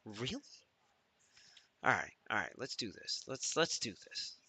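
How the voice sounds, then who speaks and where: A man's voice: lowish voice, big pitch swings, a little slow, vocal fry, bright, forceful tone, slightly rough. A man hosting a live trading stream, thinking aloud and swearing as he mutters to himself.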